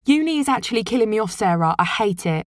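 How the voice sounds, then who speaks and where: Woman doing a whiny uni girl, higher and quick, dry sound. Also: lively intonation, dry recording, natural voice. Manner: whiny, fast, higher-pitched.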